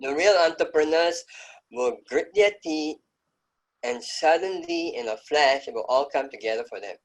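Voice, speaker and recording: A man's voice: a little high, animated, normal speed, low-quality recording. A middle-aged man speaking as an interview guest, telling his story in an emphatic, reflective way. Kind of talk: conversational interview.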